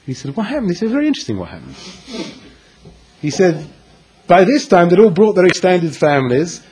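A man giving a storytelling Torah lecture, animated and acting out the dialogue with dramatic pauses. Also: high voice, a little hiss or hum, low-quality recording. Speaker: Torah teacher.

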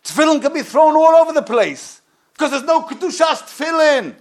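Brief: man with a very high voice, impassioned sermon. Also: animated, moderate pace. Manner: impassioned, swings from loud to hushed. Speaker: rabbi.

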